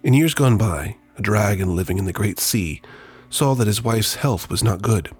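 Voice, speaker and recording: A podcast host narrates from a script in a low, lively voice with a dry, playful touch. His pitch moves a lot through the phrases. Soft music plays underneath. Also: moderate pace, slightly rough.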